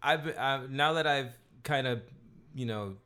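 A man co-hosting a podcast in casual chat, excited, often stumbling and restarting his sentences. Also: medium pitch, measured pace, clear, resonant tone. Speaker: podcast co-host.

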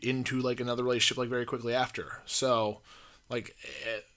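A man's voice: medium pitch, level tone, fairly quick, a bit bright. A man co-hosting a podcast in casual chat, rambling and hesitant, with constant "like" fillers. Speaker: podcast co-host.

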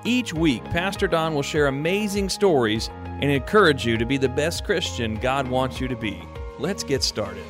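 Guy announcer doing a podcast intro, bouncy pitch, guitar playing underneath. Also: animated, normal speed, hardly any pauses. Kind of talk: scripted intro over music. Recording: voice over loud guitar music.

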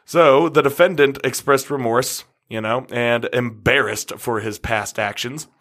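Man, podcast host, crude sarcastic news reading, studio mic, mid pitch. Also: a little slow, fairly bright tone. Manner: crude, sarcastic, swears a lot. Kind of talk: casual podcast chat. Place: recording studio.

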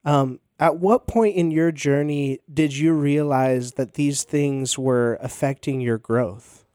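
A man hosting a podcast, reading an announcement in a plain, measured way and then asking interview questions. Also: a little high, a little mellow, clean tone, no room sound, studio quality. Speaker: podcast host. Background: music.

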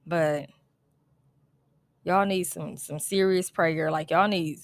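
A woman's voice: fairly low pitch, fairly even intonation, takes it slowly, no echo. Blunt, exasperated woman podcast host. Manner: blunt, exasperated, profane, with frequent "like" fillers. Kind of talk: casual solo podcast rant.

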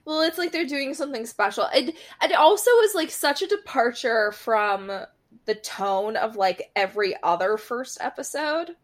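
A woman's voice: a little high, animated, normal speed. A woman co-hosting a podcast, chatting casually about an episode with hesitant, filler-heavy speech and some laughter. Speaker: podcast co-host. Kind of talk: casual recap chat.

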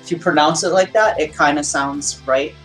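A woman's voice: low voice, normal speed, soft background music, rough recording. A woman guest on a podcast, chatting casually with plenty of fillers and restarts. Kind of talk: casual chat.

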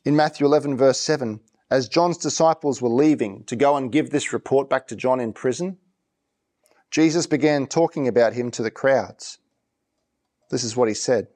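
A man's voice: mid-range voice, normal speed, a little mellow. Male pastor, mid-range voice, conversational sermon delivery that repeats and restarts lines. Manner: conversational preaching, often repeating and restarting phrases.

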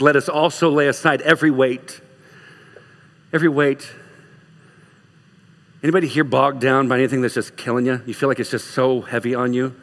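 A man preaching a sermon as pastor, lively and urgent, dropping at times to soft, hushed lines. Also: medium pitch. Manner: animated, swings from loud urging to soft hushed lines. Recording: long reverb of a large hall.

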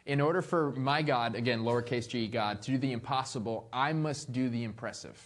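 A man preaching a sermon, reading scripture aloud and adding playful, animated asides. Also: medium pitch, brisk. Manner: reads scripture aloud then comments. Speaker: pastor.

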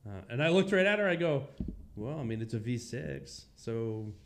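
Rambling male storyteller, mid-pitched. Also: expressive, moderate pace, vocal fry, over a noisy crowd. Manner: rambling storyteller with many restarts. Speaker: podcast co-host; car salesman. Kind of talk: casual chat.

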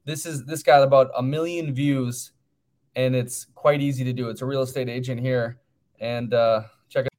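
A man hosting a podcast, briskly introducing segments in casual chat. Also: mid-range voice, fairly even intonation, darkish tone. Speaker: podcast host.

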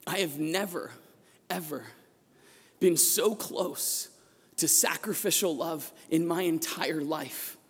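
A man preaching a sermon as a priest, telling a personal story with passion and rising to shouts at the peaks, recorded in a church. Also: on the high side, slow pace, husky. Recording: long echo of a large church.

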